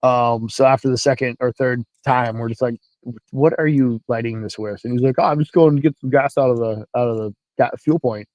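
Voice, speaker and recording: A man telling a military story in casual talk, animated and profane, acting out the dialogue. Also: mid-range voice, fairly quick, hardly any pauses, dry recording, low-quality recording. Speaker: guest, military veteran.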